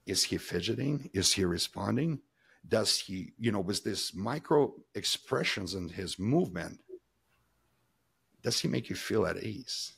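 Here a body-language expert, a man whose voice sits on the low side with vocal fry and a slightly rough, somewhat bright quality, is the podcast guest. His emphatic explanations run long and loose with frequent restarts, punctuated by small acted-out examples in quoted voices.

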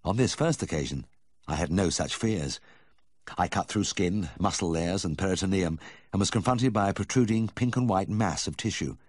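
A man reading a memoir aloud as audiobook narration, telling the story in a measured first-person voice. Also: low voice, husky, no room sound, clean studio sound. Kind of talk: scripted narration.

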